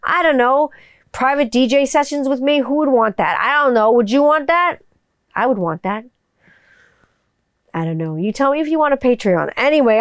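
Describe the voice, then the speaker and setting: A woman's voice: fairly high pitch, clean tone, no echo, clean studio sound. A woman hosting her own podcast in a casual, jokey and profane way. She works as a voiceover artist and talks about her kids. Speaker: podcast host. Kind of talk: casual solo podcast chat.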